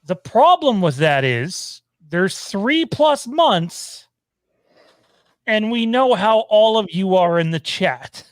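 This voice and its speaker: A man's voice: sits high, big pitch swings, slow, no room sound. Upbeat man hosting a live show. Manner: upbeat, teasing announcer patter. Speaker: host. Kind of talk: casual live show chat. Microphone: video call.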